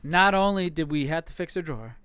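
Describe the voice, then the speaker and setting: High, smooth-voiced man telling stories. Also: a little fast, no room sound. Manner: animated, profane, acts out his wife's lines. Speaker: podcast co-host. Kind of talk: casual crude storytelling.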